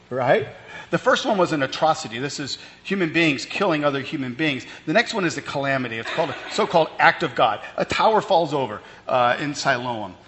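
A man's voice: on the high side, a bit bright. A man preaching a sermon in a conversational way, with fillers and restarts as he explains the text. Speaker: pastor. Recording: long reverb, faint ambient noise.

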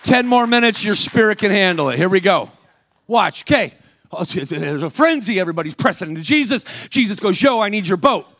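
A man's voice: sits high, a little fast. A man preaching a sermon as a guest speaker in a church, calling out to the congregation and acting out voices in his stories. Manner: energetic, calls out to the congregation, acts out voices in stories.

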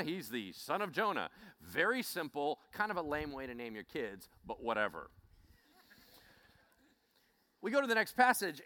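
A man preaching a Bible teaching in an animated way, acting out scenes as he speaks. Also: on the high side. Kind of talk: sermon.

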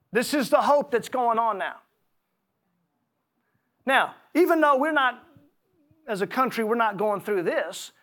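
A man with a high voice delivering a sermon. He swings between slow, emphatic scripture reading and relaxed, conversational storytelling. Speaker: preacher.

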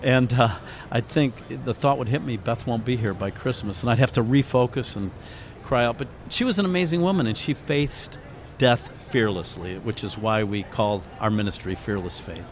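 A middle-aged man recounts a personal story with quiet earnestness, his voice sitting at an ordinary middle pitch. He speaks heartfelt and reflective. A faint noise sits under the recording. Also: normal speed. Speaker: interview guest, author and ministry founder.

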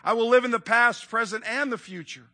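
A man's voice: very high-pitched, fairly quick, bright, forceful tone, voice pushed up. A man reading aloud as a frightened old miser, pleading and urgent in a dramatic reading. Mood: imploring. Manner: desperate, begging, raised and urgent.

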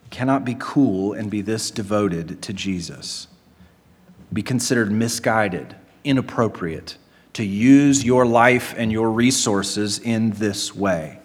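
A man's voice: fairly low pitch, takes it slowly, slightly rough. A man preaching a sermon in an earnest, emphatic way, asking rhetorical questions and answering them. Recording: long hall reverb.

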